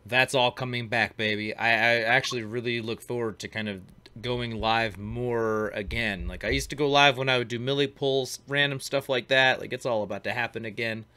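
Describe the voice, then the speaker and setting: A man hosts a laid-back glassblowing talk show, chatting loosely in slang while he comments over a demo. His medium-pitched voice is bright and forceful, with a steady tone and normal speed.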